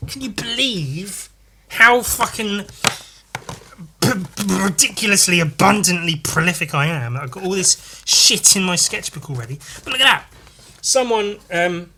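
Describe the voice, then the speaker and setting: A man hosting his own podcast, chatting loosely and playfully while he sketches, swearing constantly and now and then breaking into loud goofy voices. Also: high-pitched, animated, measured pace, a little hiss or hum. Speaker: artist hosting a solo podcast. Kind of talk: casual rambling chat while sketching.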